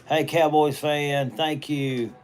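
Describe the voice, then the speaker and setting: A man's voice: a little high, steady tone, takes it slowly, faint music behind. A middle-aged man with a Southern US accent, chatting casually and rambling in folksy country talk as he reads viewer comments on a phone livestream from a hospital treatment room. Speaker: livestream host and auctioneer.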